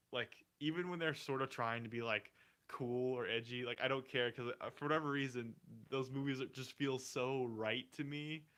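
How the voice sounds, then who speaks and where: A man's voice: medium pitch, sharp tone. A young man co-hosting a casual movie review podcast, rambling and emotional, laughing often as he talks. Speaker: podcast co-host.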